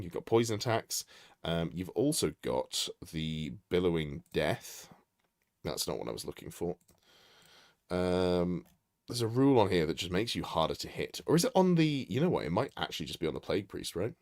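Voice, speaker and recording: A low-voiced man talks through a tabletop army list live, his pitch jumping around as he thinks aloud. He corrects himself mid-sentence and greets viewers in passing. The sound is dry and close, with no room around it. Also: no room sound. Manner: thinking aloud, self-correcting, chatty asides to chat. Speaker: streamer reviewing army lists. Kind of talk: casual live-stream commentary.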